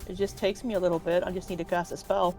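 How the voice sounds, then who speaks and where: A woman's voice: fairly low pitch, flat delivery, fast, a little mellow, faint music behind, natural voice, poor audio. A woman voicing a very old, offhand spellcaster.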